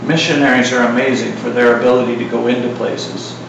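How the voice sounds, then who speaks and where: A middle-aged man preaching a sermon in a casual, joking style, full of asides and lively retellings. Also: medium pitch, brisk, creaky, very echoey, far from the mic, dull audio, noisy background.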